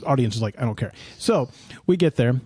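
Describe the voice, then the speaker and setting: A man's voice: medium pitch, lively intonation, fairly quick, warm tone, breathy edge, no room sound. A middle-aged man hosting a podcast, telling a rambling, self-mocking story in casual chat. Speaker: podcast host.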